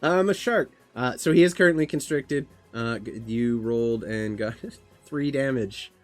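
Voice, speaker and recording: A man's voice: medium pitch, measured pace, darkish tone, soft background music. A man running a tabletop game on a stream, casual and swearing as he narrates the action. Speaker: game master.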